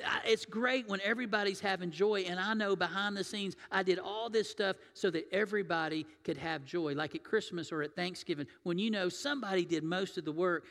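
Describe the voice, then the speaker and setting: Pastor, male, fairly high voice, conversational sermon, long church-hall reverb. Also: brisk, gravelly, few pauses, a bit bright. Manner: conversational, asks the congregation questions. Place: church sanctuary.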